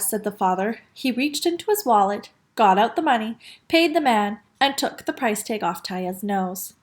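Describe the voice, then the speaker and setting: A woman teacher reading a storybook aloud to young children, expressive, with asides to the class. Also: on the high side, normal speed, hardly any pauses.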